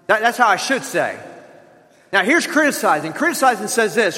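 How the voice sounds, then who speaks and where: A pastor preaching a sermon in an earnest, conversational way, acting out examples. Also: male voice, sits high, sing-song, normal speed, bright, forceful tone, big-room sound.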